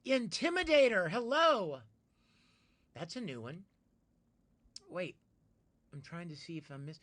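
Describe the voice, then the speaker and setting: A bright, ringing male voice chatting live with viewers from a home streaming setup. He is playful and greets people by name with sudden bursts of excitement. He then drops into easy, joking banter. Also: high-pitched, slow pace, long pauses.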